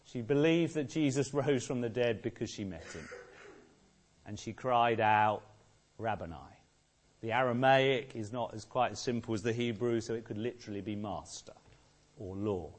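A man preaching an Easter sermon, asking rhetorical questions and repeating key phrases, swinging between loud and soft. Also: mid-range voice, normal speed.

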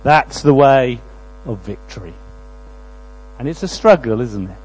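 A man preaching a sermon, moving between quiet prayerful lines and loud, pleading passages. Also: mid-range voice, animated, measured pace, slightly rough, poor audio.

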